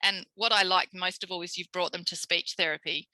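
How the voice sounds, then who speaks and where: An Australian woman, a speech pathologist, giving a recorded tutorial lecture in a lively way, acting out quoted voices. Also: lowish voice, fairly quick, no room sound, low-quality recording. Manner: animated, acts out quoted voices.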